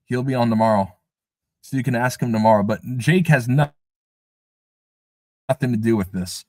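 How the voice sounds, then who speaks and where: A man's voice: mid-range voice, moderate pace, darkish tone, dry recording. A man hosting a casual live stream, talking emphatically and scoffing as he repeats his points. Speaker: livestream host.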